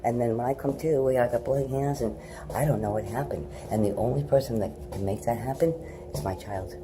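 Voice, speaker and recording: A middle-aged woman vlogging, telling rambling personal stories in a blunt, profane manner that swings between loud and hushed. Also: a bass voice, brisk, background noise.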